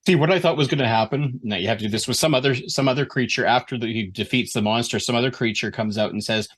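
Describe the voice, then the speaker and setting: A writing mentor gives a writer casual feedback on a story chapter over a call. His voice is medium in pitch, quick, and fairly bright, and he rambles, restarting sentences as he thinks out loud.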